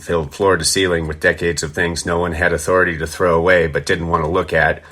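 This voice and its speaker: A deep-voiced bartender from Denver reads his own written tale with wry, literary emphasis. The low voice still has a bright, forward edge. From Denver, USA. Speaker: bartender, listener contributor. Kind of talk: reading a written story.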